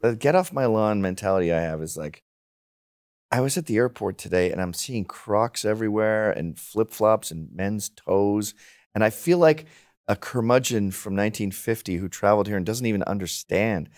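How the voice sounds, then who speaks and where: A man's voice: lowish voice, moderate pace. A man guesting on a podcast, telling mocking, profane stories in a casual chat. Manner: animated, mocking storyteller with profanity.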